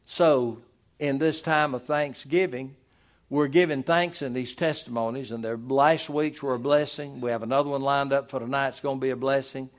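A pastor, preaching a sermon in an emphatic, exhorting manner. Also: male voice, fairly even intonation, normal speed. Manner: preachy, emphatic, rising to loud exhortation then dropping low.

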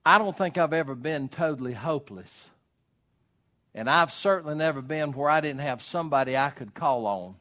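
A man preaching a sermon as pastor, swinging from loud calls to quiet storytelling. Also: on the high side, expressive, normal speed. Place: church.

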